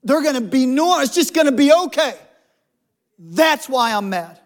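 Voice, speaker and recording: Petulant, defiant male prophet, high-pitched and indignant, put on by a preacher mid-sermon. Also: lively intonation, a little slow.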